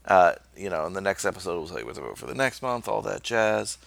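Gravelly-voiced man hosting a podcast. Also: sits low, sing-song, fast talker, a bit bright, no echo. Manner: loose, friendly sign-off with fillers. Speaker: podcast co-host. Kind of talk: casual podcast outro chat.

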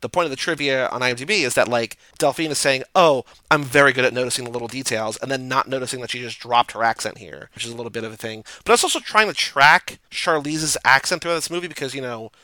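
A man's voice: medium pitch, fast talker, hardly any pauses, pushed and bright, dry recording, rough recording. A man hosting a casual movie podcast, chatting loosely with lots of fillers. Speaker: podcast host.

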